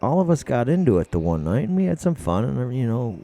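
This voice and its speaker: A man's voice: mid-range voice, very animated, brisk, vocal fry, mellow. A man telling profane, rambling stories as a podcast guest, repeating his words as he goes. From United States. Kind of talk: casual storytelling.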